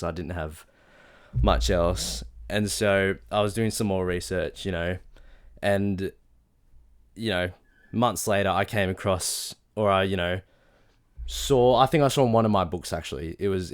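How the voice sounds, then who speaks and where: A young Australian man chatting casually in a video journal, enthusiastic and rambling, with many fillers and restarts. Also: low voice. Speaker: vlogger.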